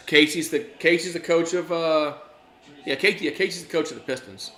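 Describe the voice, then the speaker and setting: A man calls a game live for his stream in a casual, chatty way, often restarting his sentences. His voice has a bright, forceful edge. The recording is echoey, as if in a bare room. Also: fairly high pitch, normal speed. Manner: rambling, chatty, many fillers and restarts. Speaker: live stream play-by-play host. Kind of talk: casual play-by-play commentary.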